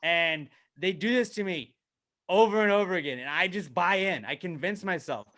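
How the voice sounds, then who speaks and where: Brief: male podcast co-host with a higher, bright voice, profane and self-mocking, swinging from mumbles to yelling. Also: moderate pace. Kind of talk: casual comedic podcast chat.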